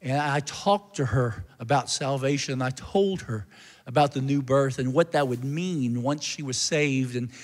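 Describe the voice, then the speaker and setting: A man's voice: mid-range voice, measured pace. A male pastor telling a story in a sermon, earnest and narrative, building to a fervent call to the congregation. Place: church sanctuary. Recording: long church hall reverb.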